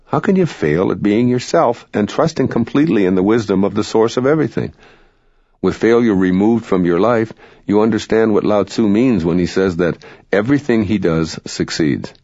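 A man reading spiritual self-help narration in a calm, measured, instructive way. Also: low-pitched, dry recording. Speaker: audiobook narrator. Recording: dry, dull lo-fi recording.

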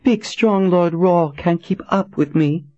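A man voicing a pleading, insistent young woman who taunts and accuses in a high voice. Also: big pitch swings, moderate pace, darkish tone, breathy edge, full character voice. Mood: taunting. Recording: dull dry recording.

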